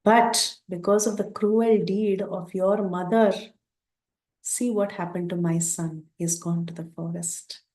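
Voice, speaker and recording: A woman voicing a grieving older queen who speaks in a low, sorrowful, reproachful tone, recorded in a roomy space. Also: fairly even intonation, measured pace, mellow, natural voice. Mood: bitter grief. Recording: roomy echo.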